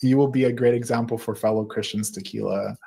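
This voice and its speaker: A man's voice: fairly low pitch, fairly even intonation, quick pace, vocal fry, husky. A man in his thirties hosting a live stream, reading viewers' comments aloud with frequent laughs and fillers. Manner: warm, laughs often, reads with fillers. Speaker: host.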